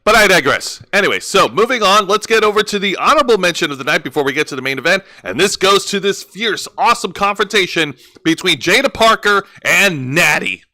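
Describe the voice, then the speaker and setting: Lively, bright-voiced man rambling in casual chat. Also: high-pitched, a little fast, few pauses. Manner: rambling, many restarts and "like" fillers. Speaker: wrestling review co-host.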